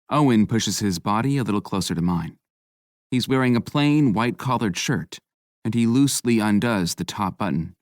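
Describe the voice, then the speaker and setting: Deep-voiced male audiobook narrator. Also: animated, moderate pace, dry recording. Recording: dry close studio mic.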